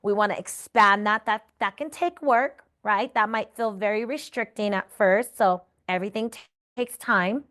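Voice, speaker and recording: A woman yoga therapy instructor guiding breathing exercises in a calm, encouraging way, often checking in with the listener. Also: mid-range voice, normal speed.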